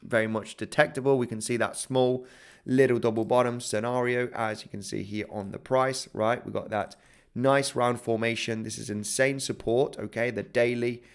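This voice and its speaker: A man's voice: medium pitch, fairly even intonation, moderate pace, vocal fry, smooth. A man with an English accent hosting a live crypto trading stream, talking through charts and chat comments with lots of "okay?" and "right?". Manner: chatty, fillers and repeated "okay?", "right?". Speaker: crypto trading livestream host. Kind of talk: live market analysis reading chat.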